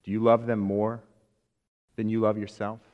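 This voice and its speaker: A man preaching a sermon to a congregation, speaking emphatically and letting many phrases fall soft at the end. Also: lowish voice, flat delivery, normal speed, big-room sound, phone-quality sound. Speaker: pastor. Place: church sanctuary.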